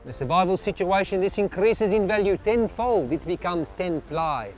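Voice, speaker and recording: A gruff, stern army sergeant major, as a man puts him on, barking out a deadpan military briefing. His voice sits high and clipped, and music plays underneath. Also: normal speed. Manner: barking orders, mock-serious military briefing.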